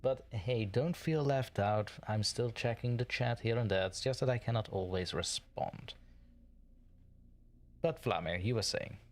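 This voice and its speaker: A man's voice: medium pitch, measured pace. A man hosting a livestreamed podcast, joking loosely with guests and talking to the chat. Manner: jokey, loose, talks to chat. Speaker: podcast host.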